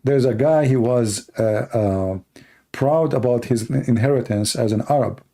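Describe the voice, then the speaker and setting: A man with a gravelly, dark voice speaks English as a second language, Arabic being his first. He hosts a casual live stream and answers viewer questions in a blunt, emphatic way, repeating words as he pushes his points. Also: mid-range voice, measured pace.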